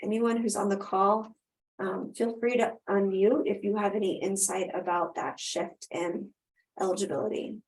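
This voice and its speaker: A woman's voice: medium pitch, steady tone, moderate pace, darkish tone. Conversational woman presenting a webinar. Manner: conversational, with frequent ums and restarts. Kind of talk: live webinar Q&A and wrap-up. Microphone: video call.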